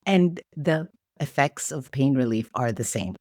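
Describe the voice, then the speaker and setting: A woman from the Philippines, a podcast guest, telling stories in a lively, casual way. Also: very deep voice, a little slow, no echo, clean studio sound. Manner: lively storyteller who acts out quoted voices. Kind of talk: casual storytelling chat.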